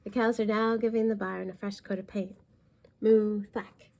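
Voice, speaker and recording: A woman reading a picture book aloud at a library storytime, pausing to explain words for young listeners. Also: medium pitch, level tone, gravelly, a little mellow.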